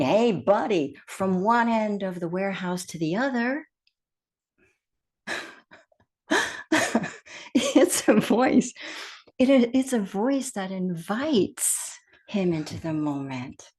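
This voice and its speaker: A woman giving a meditation talk as a teacher, speaking gently and softly and sometimes dropping to a whisper. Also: fairly low pitch. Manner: gentle and soft-spoken, with hushed whispered phrases.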